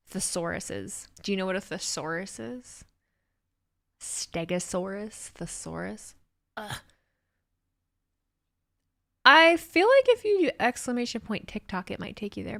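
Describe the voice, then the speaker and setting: A woman's voice: medium pitch, fairly bright tone, dry recording, clean studio sound. A woman streamer chatting casually and sarcastically with her live chat while reacting to a show.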